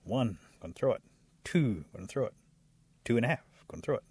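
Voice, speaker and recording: A man's voice: medium pitch, lively intonation, a little fast, a little mellow, slightly rough, dry recording. A cocky trickster rabbit, as a man puts him on. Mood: taunting. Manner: cocky, sing-song threats. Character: boastful, tricky male rabbit.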